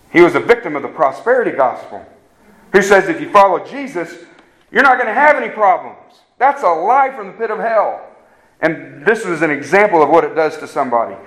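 On a rough recording, a man whose voice sits high with a fairly bright tone preaches a sermon as pastor. His delivery is earnest and emphatic; he keeps checking in with the congregation and tends to repeat words when starting sentences.

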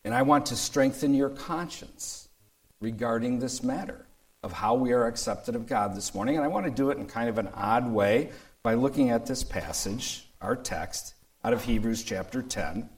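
A man's voice: medium pitch, normal speed, poor audio. Emphatic male pastor preaching. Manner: emphatic, repeats key points, reads scripture aloud. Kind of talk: sermon.

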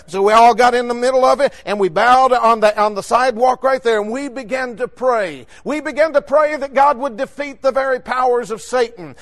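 A man delivers a sermon from the pulpit, recounting a story with emphatic, rhythmic phrasing. His speaking voice sits unusually high for a man. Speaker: preacher.

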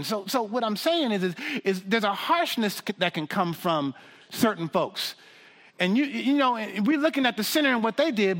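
High-pitched, animated male preacher. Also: in a large hall. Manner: animated, humorous, frequent restarts and asides. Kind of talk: sermon.

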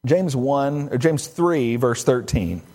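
A man's voice: mid-range voice, slow, warm tone. Man preaching a storytelling sermon. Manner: storytelling, acts out quoted dialogue, varied pace. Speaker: pastor.

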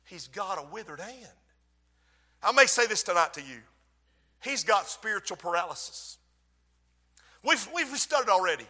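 A male preacher, who swings between soft asides and shouted emphasis in his sermon. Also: sits high, very animated, normal speed, pauses often. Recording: long hall reverb.

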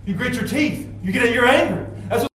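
A man preaching a sermon, swinging between shouted intensity and quiet, low asides. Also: lively intonation, brisk. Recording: very echoey, distant from the mic, faint noise.

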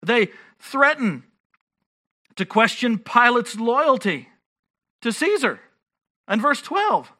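A man's voice: extremely high pitch, big pitch swings, slow, long pauses, pushed and bright. A man preaching a sermon as pastor, earnest and emphatic, often restarting his phrases.

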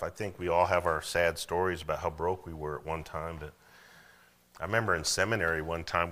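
A man's voice: low voice, bright, forceful tone. A man preaching a sermon as pastor, conversational, often checking in with "okay?". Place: church.

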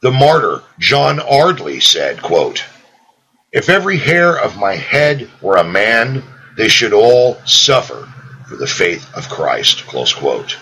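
A man reading an old devotional book aloud in a slow, solemn way, lifting his voice on the quoted sayings. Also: lowish voice, husky, poor audio. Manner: slow, solemn reading with lively rises on quotations; reads out "quote" and "close quote" markers. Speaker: audiobook reader.

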